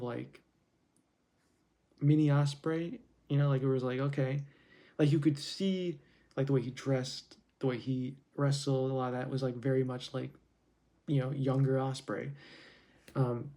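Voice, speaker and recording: A man talks casually as the host of his own show, rambling and often restarting his sentences. His voice is gravelly and dark, with a mellow tone. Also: medium pitch. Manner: rambling, many "like" fillers and restarts. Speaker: wrestling commentary host. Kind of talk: casual solo wrestling opinion talk.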